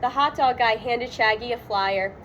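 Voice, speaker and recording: A woman reading a children's storybook aloud, expressive and dramatic on the sound words. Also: a little high, normal speed, highs cut off, a little hiss or hum. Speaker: storybook reader. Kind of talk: children's read-aloud narration.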